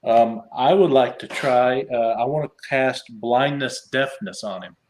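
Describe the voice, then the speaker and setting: A man's voice: mid-range voice, a little slow. Male player, mid-range voice, polite, reasons out the rules. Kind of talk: casual tabletop play.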